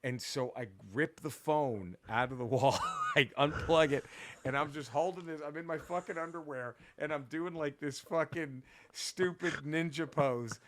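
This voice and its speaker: A man co-hosting a podcast, telling a long story in a casual, profane, rambling way and going hushed at the tense parts. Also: a little high, moderate pace. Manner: profane, rambling, animated retelling with restarts. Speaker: podcast co-host.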